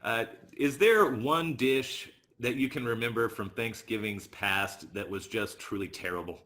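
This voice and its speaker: Upbeat guy hosting a virtual open mic, bright voice. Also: medium pitch, measured pace.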